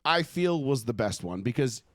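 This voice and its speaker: A man's voice: mid-range voice, lively intonation, normal speed, no room sound, clean studio sound. A man hosting a casual sports podcast, talking in a profane, emphatic and opinionated way. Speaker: podcast host.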